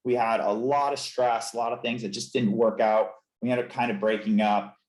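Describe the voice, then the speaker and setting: Man, podcast guest, earnest, reflective, emotional, mid-pitched, echoey room. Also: steady tone, moderate pace, a little mellow. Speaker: guest chiropractor. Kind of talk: candid podcast interview. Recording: roomy echo.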